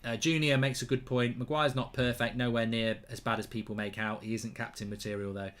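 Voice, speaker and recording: A man hosting a live football watchalong, reading chat messages and reacting excitedly to goals. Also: medium pitch, brisk. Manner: excitable, bursts out loud when goals go in.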